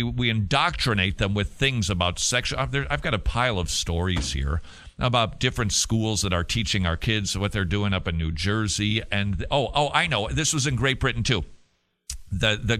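A man hosting a talk radio show, animated and opinionated, shifting between mockery and heated emphasis. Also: lowish voice, no room sound.

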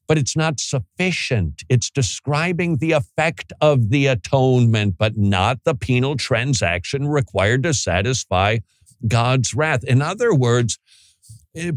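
A man's voice: on the low side, dry recording, clean studio sound. A man preaching a sermon in an emphatic way, asking rhetorical questions and acting out short scenes.

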